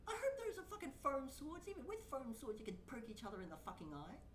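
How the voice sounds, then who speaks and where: A woman's voice: high-pitched, wildly swooping pitch, fast, roomy sound, far from the mic, a little hiss or hum. A woman VTuber streamer giving blunt, profane reaction commentary and ranting at what she watches.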